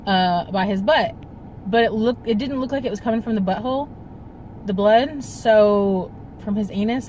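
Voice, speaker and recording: A young woman tells a personal story to her phone camera in a casual vlog, rambling with lots of fillers while fighting back tears. Her voice is mid-range and a little mellow. The recording is low quality, with a little hiss or hum.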